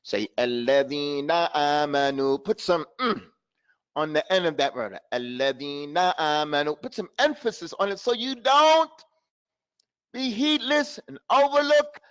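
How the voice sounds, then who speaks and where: A high-pitched man teaching a recitation class, lively and direct, who acts out his students' mistakes and chants verses slowly for them to repeat. The sound is dull and lo-fi, with muffled highs. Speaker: tajweed teacher. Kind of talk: live online recitation lesson.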